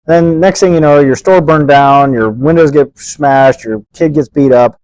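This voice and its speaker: A man's voice: on the high side, a little slow, clean tone, dry recording. Blunt man, dull dry close sound. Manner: blunt, acts out thugs in lively put-on voices. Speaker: podcast co-host. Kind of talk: casual chat.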